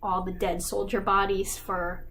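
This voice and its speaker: Brief: woman YouTuber, casual and wry recap, mid-pitched voice. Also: level tone, measured pace, a bit bright, a little hiss or hum. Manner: chatty, irreverent, wry. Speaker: YouTube creator. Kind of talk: casual story summary.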